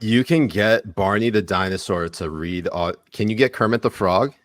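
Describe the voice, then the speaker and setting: Low-voiced man joking on a podcast. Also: moderate pace, no room sound. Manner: crude joking, laughs often. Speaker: podcast co-host. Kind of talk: casual podcast banter.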